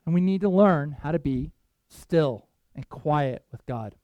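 A male pastor preaching a sermon, telling Bible stories with animated voices for the characters. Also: normal speed, dry recording. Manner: animated storytelling, voices Bible figures, pitch jumps for excitement.

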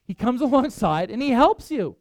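A man's voice: very high voice, sing-song, moderate pace, no echo, clean studio sound. A man preaching a sermon, earnest and conversational, with self-deprecating asides. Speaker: pastor.

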